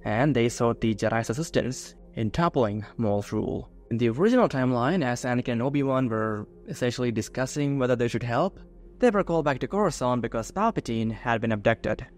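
A man's voice: mid-range voice, expressive, brisk. A man narrating a science-fiction fan-fiction story in a scripted, dramatic storytelling manner. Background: faint music.

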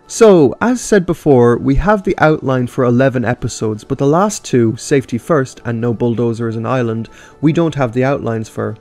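Casual male YouTube commentator, frank, reads and reviews stories, mid pitch, faint music. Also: a little mellow. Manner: casual and frank, with mild swearing. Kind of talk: reading story outlines and commenting.

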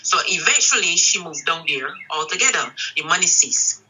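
A woman's voice: on the low side, normal speed, a little hiss or hum, poor audio. A middle-aged Barbadian woman, an interview guest, candidly telling a story about her daughter and acting out the quoted dialogue. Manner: animated, acts out quoted dialogue.

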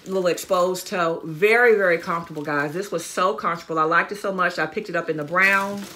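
A chatty middle-aged woman talks through a shopping haul at home, upbeat and friendly, often calling the viewers y'all. Her voice is bright and crisp and sits on the low side. A faint hiss runs under the talk. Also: fairly even intonation, fast talker. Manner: chatty, enthusiastic, addresses viewers as y'all and guys. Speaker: fashion vlogger. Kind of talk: casual haul video chat.

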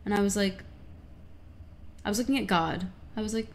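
Young woman, casual livestream chat, excitable, gravelly fry, faint background hiss. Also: medium pitch, normal speed, pauses often. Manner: chatty, excitable, swears casually. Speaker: livestreamer answering chat questions.

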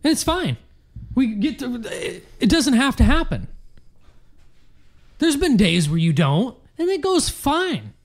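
A man's voice: extremely high pitch, huge pitch swings, a little slow, pauses often. A man co-hosting a podcast in casual chat, blunt and exasperated, swearing often. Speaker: podcast co-host.

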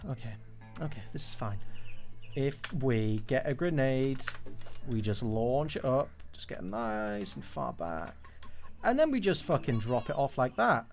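A man's voice: mid-range voice, big pitch swings, a little slow, soft background music. A man giving a live, joking, swear-filled running commentary as he streams a game.

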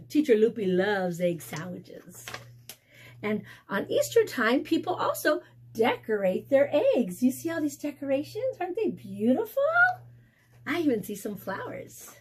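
A woman's voice: a little mellow, husky. A woman teacher reading a storybook lesson to young children, sing-song and questioning, praising them and making playful animal sounds. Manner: playful animal sounds and exaggerated pitch swoops.

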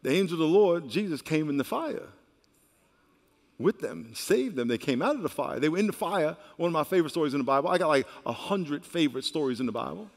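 Animated high-voiced preacher in a big hall. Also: male voice, fast talker. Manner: animated preaching, swinging from loud to hushed. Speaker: pastor. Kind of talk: sermon. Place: large church hall. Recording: reverberant church hall.

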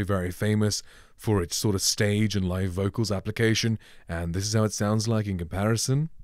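A man's voice: lowish voice, darkish tone, dry recording. A man streamer giving a casual, rambling microphone review, speaking close to a studio mic at his home streaming setup. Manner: laid-back, rambling.

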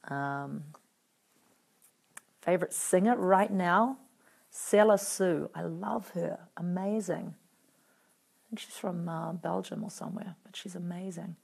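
Kiwi woman doing a live fan q&a, low voice with a gravelly edge, wry and teasing. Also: slow, long pauses, darkish tone. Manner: chatty, wry and playfully teasing. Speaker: actress answering fan questions. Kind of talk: casual live video Q&A reading out comments.

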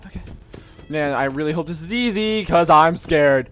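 A man's voice: fairly high pitch, normal speed. A young man playing a horror game, nervous and jumpy, mocking himself, dropping to whispers and then yelping. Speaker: gaming channel host. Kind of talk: let's play commentary. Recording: dull, lo-fi game capture with game music behind. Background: faint game music.

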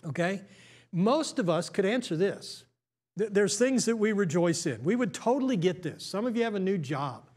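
High-voiced American man preaching a sermon. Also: expressive, normal speed, darkish tone. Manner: conversational, many restarts and stammers. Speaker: pastor.

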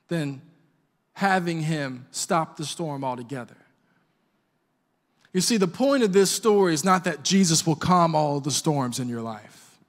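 High-voiced male pastor in reverberant hall. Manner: conversational, joking storyteller. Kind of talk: sermon. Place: church sanctuary.

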